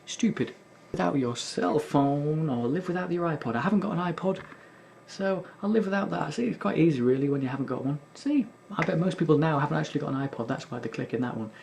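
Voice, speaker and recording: A man's voice: a little high, fast, creaky, darkish tone, slight background noise. A young man hosting a gaming video, rambling in casual sardonic commentary and swearing often. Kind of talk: casual commentary while playing.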